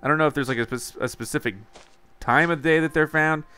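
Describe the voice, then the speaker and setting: Gaming youtuber guy, chatty commentary, bright forceful voice, talks to his viewers a lot. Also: fairly high pitch, quick pace, clean tone. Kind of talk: let's play commentary.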